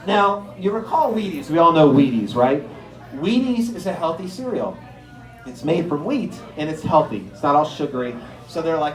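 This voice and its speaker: A man doing an animated stand-up comedy set, telling stories with incredulous acted-out bits. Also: a little high, normal speed. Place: comedy stage before a live audience. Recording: echoey room.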